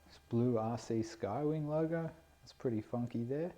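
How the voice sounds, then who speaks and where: Laid-back man, very dark voice. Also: medium pitch, normal speed. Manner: laid-back, self-deprecating, chatty. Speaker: RC plane hobbyist vlogger. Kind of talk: casual unboxing commentary. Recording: dull lo-fi camera audio.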